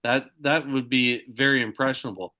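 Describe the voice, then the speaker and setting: A man, a podcast host, telling a story in a casual, halting way with many restarts. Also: mid-range voice, steady tone, sharp tone, highs cut off.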